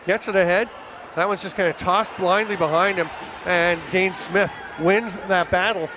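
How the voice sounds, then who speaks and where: A man calling lacrosse play-by-play on a game broadcast, with rapid, excitable calls of the action. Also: high voice, lo-fi sound, crowd noise, noisy background. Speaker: play-by-play commentator.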